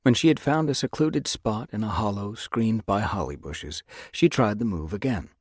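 A man narrating a children's animal novel as an audiobook, with expressive storytelling. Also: on the low side, normal speed, breathy edge, no echo, clean studio sound. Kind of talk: scripted narration.

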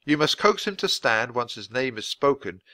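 A man's voice: medium pitch, sing-song, normal speed, pushed and bright, no echo. A man voicing a sensible, cautious young boy in a storybook reading. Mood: reading aloud. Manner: cautious, level-headed.

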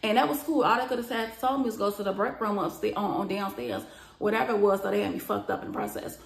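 A young woman telling a profane storytime vlog, acting out the quoted lines loudly and with lots of emotion. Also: medium pitch, quick pace, creaky, reverberant. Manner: animated, profane, acts out quoted lines with rising loudness.

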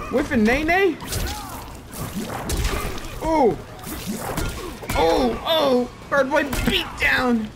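A man doing gameplay commentary for a let's play, excitable, yelping and laughing, swearing freely. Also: extremely high pitch, vocal fry. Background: game music and fight sounds.

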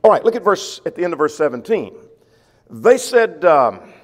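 A man teaching a verse-by-verse Bible class, reading scripture slowly and with emphasis, then explaining it in a conversational way. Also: on the high side, very animated, big-room sound. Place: church.

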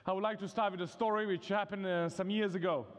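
High-voiced Serbian-accented preacher in a reverberant hall. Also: male voice, steady tone, fast talker. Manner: conversational and humorous, many "you know" fillers. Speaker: guest preacher. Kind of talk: sermon. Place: chapel hall at a university vespers service. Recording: long reverb of a large hall.

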